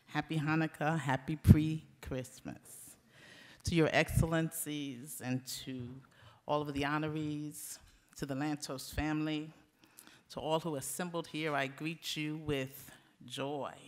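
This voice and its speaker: A man giving a formal gala speech with warm greetings and a rhythmic, preacher-like cadence. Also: on the high side. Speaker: ambassador and gala speaker. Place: hotel ballroom.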